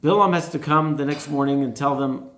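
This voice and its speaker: Male rabbi preaching with a gravelly, slightly high voice in a roomy space. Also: fairly even intonation, fairly quick, fairly bright tone. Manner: poses rhetorical questions to the listeners. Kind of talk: sermon. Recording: roomy echo.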